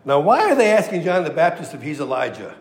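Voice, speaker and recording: Very animated and fast, a slightly high-voiced preacher works verse by verse through the Bible in a reverberant large hall. He keeps the sermon conversational yet emphatic, acting out quotes as he goes.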